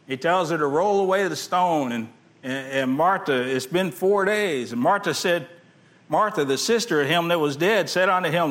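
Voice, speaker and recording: Preaching man, swings loud to hushed. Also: on the high side, expressive, moderate pace. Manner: preaching with big swings between loud emphasis and hushed quotes; reads scripture aloud in old-fashioned wording. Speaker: pastor. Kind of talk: sermon.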